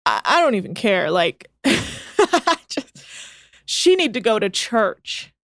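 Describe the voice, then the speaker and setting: A woman co-hosting a podcast, recapping a reality show in fast, exasperated casual chat. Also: mid-range voice, very animated, a bit bright, no echo, clean studio sound.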